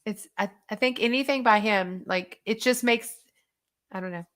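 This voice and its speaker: A woman's voice: fairly high pitch, moderate pace, a bit bright. A woman hosting a casual online chat, answering viewer questions in a chatty, rambling way with lots of fillers. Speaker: host and diet coach.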